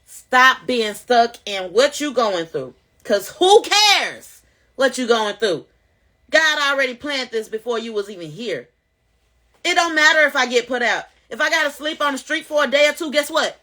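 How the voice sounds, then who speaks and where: Woman vlogger, bright and forceful voice, pitched a little high, preaches straight to viewers. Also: normal speed. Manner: animated, preachy, addresses viewers directly. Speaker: vlogger sharing testimony. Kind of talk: casual spoken testimony to camera.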